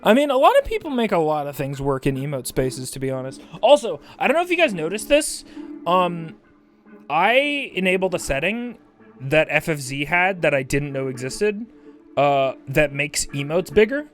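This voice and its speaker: A male streamer chatting casually on a livestream while high, rambling and swearing casually as he reads chat aloud. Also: big pitch swings, normal speed, fairly bright tone.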